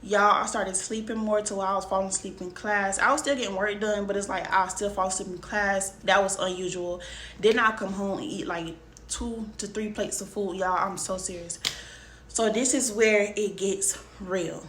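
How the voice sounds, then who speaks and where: A woman's voice: medium pitch, fairly even intonation, moderate pace, a bit bright. A young woman vlogger casually telling a personal story, talking emphatically straight to her viewers. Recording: roomy room, faint background noise.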